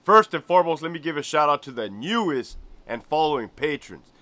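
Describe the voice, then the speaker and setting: A man's voice: on the high side, sing-song, brisk, sharp tone, no echo. A man in his forties, a former corrections lieutenant hosting his channel, telling stories in a casual way, chuckling often and asking "right?". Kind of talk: casual storytelling vlog.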